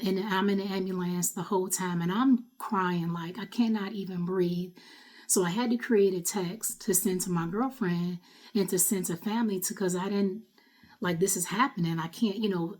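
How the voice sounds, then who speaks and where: A woman's voice: fairly low pitch, a little mellow. Middle-aged woman telling an emotional story. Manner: emotional, conversational, recounting an ordeal. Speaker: vlogger, mother. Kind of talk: personal storytelling to camera.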